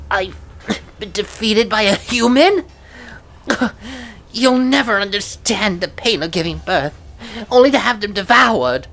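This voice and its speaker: A woman's voice: mid-range voice, expressive, takes it slowly, long pauses, a bit bright, a little hiss or hum, pitched above the performer's own voice. A woman voicing a dying female cat spirit mother in a video game, bitter and proud, with a cough in her voice.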